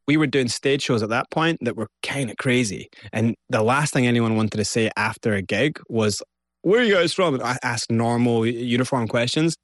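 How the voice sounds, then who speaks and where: Animated Scottish man telling his story. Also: medium pitch, moderate pace, hardly any pauses, no room sound, clean studio sound. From Scotland. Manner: animated, acts out quotes. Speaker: guest. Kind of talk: storytelling interview.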